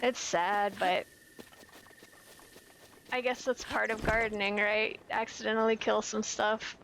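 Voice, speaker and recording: A woman's voice: medium pitch, fairly even intonation, measured pace, vocal fry, noisy background. A young woman chatting casually while streaming a game, giggly and self-deprecating. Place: home, lives in California.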